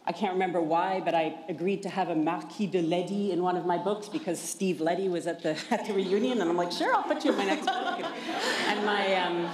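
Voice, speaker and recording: A woman novelist on a panel, speaking hesitantly with many pauses. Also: on the low side, steady tone, a little mellow. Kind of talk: casual panel talk. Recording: echoey room, faint noise.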